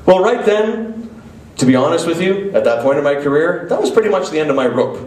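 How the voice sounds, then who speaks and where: A man's voice: a little high, sing-song, brisk, a little mellow, faint music behind. A man at a live drum clinic telling an anecdote in a casual way, stopping now and then to play examples on his kit. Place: festival stage before an audience. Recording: echoey live hall, mic from far off, drums.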